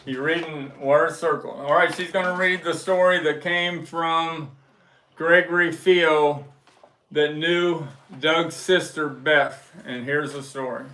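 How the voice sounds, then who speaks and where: A man hosting a casual livestream, telling a story slowly and with emphasis and reading viewer messages aloud. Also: on the high side, steady tone, sharp tone. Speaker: livestream host. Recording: echoey room.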